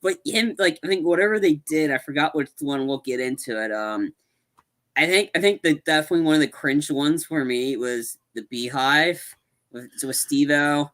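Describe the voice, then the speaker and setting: Co-host on a movie podcast, bright voice, gets animated acting out scenes, keeps restarting. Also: medium pitch, normal speed. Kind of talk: casual chat.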